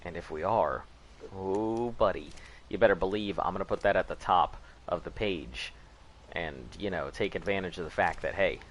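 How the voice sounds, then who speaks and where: A man's voice: low voice, moderate pace, a bit bright, a little hiss or hum. A man hosting a game live stream, chatting casually and rambling, laughing at his own jokes. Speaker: gaming live-stream host.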